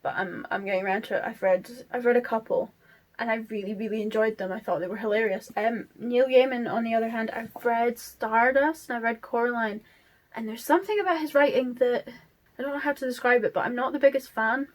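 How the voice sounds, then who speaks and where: A woman's voice: fairly high pitch, a little fast. A woman, chatting casually about books as a vlogger, rambling with many fillers and restarts. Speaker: book vlogger. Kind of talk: casual chat.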